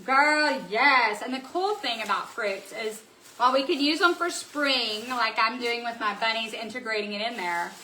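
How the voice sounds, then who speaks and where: A woman who owns a craft shop, hosting a live stream where she shows new supplies and chats excitedly with viewers. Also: a little high, moderate pace, slight background noise, poor audio. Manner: bubbly, excitable, chatty with viewers. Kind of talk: live stream product showing.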